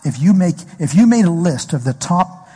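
A man's voice: fairly high pitch, very animated, normal speed, dark tone, breathy edge. A man preaching a sermon as pastor, telling a story and asking the congregation questions. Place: church hall. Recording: echoey hall recording.

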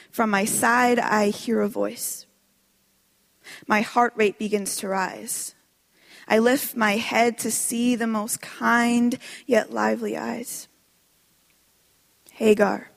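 A woman performing a spoken word poem with a slow, dramatic and intense delivery. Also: a little high, creaky. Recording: long hall reverb.

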